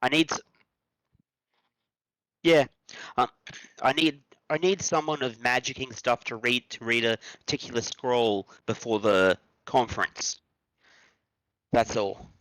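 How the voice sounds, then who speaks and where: A man's voice: mid-range voice, fairly even intonation, measured pace, long pauses, fairly bright tone, no room sound, poor audio. A man playing a tabletop role-playing game, talking hesitantly with many fillers. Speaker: player. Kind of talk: casual tabletop role-play.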